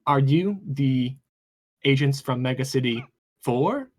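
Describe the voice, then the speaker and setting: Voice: mid-range voice, expressive, takes it slowly, darkish tone. Polite goo-creature doctor, formal speech , voiced by a game master at the table. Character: goo-covered male skeleton doctor speaking via box. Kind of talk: tabletop role-play voicing.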